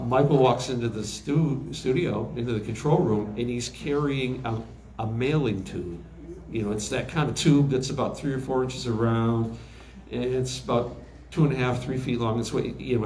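Here a man in his sixties who works as a recording engineer recounts stories during an interview, stumbling through frequent fillers and restarts. His pitch sits in the middle, with a little hiss or hum on a roomy track that holds faint ambient sound.

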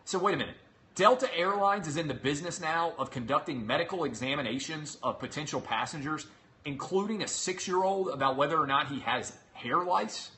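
A man's voice: on the high side, animated, fairly quick, sharp tone, a little hiss or hum. A man in his thirties hosting a talk show, retelling an ordeal in an exasperated, sarcastic way. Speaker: show host. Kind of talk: animated storytelling monologue.

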